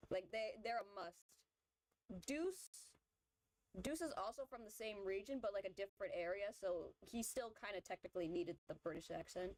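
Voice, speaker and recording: A woman's voice: medium pitch, normal speed, darkish tone, dry recording, poor audio. Chatty woman rambling her opinions. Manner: rambling, filler-heavy opinion talk. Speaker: vtuber streamer. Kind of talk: casual chat while drawing.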